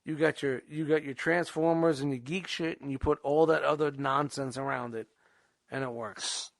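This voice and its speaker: Male podcast co-host, high gravelly voice, dry close mic, casual and profane. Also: steady tone, moderate pace, dry recording. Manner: loose and profane, bursts into mock-announcer hype. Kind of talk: casual chat.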